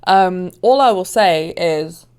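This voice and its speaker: A woman's voice: fairly low pitch, lively intonation, slow pace, a little mellow, clean tone. Giggly chatty woman reacting to a video, voice bouncing all over. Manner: giggly, chatty and self-deprecating. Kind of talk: casual reaction chat.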